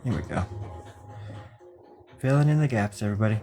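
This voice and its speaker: A man's voice: fairly low pitch, animated, moderate pace, dark tone, soft background music. A man chatting casually on a live stream while he draws, rambling and joking and laughing often. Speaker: live-streaming drawing host.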